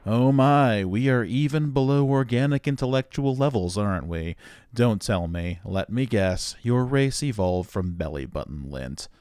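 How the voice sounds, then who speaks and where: A man voicing a smug male android who talks down to humans in a slow, drawn-out, patronizing manner. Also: on the low side, expressive, darkish tone, clean tone, no echo. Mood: condescending.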